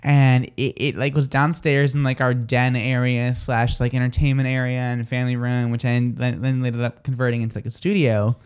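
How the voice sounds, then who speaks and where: A man's voice: medium pitch, flat delivery, fairly quick, hardly any pauses, clean tone. A man co-hosting a live radio talk show, telling stories in a rambling, chatty way full of fillers and restarts. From New Jersey. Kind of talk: casual chat.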